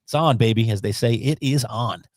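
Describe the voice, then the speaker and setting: Easygoing rambling man, mid-pitched and dry. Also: normal speed, darkish tone, no room sound. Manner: rambling, casual, many fillers. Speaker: sports show co-host. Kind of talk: live-stream sports talk.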